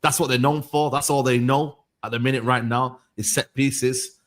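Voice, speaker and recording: A man's voice: mid-range voice, fairly even intonation, normal speed. Man arguing football, plain middle voice. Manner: defensive, repeats points, says "man" a lot. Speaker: football show co-host. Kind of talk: casual football banter.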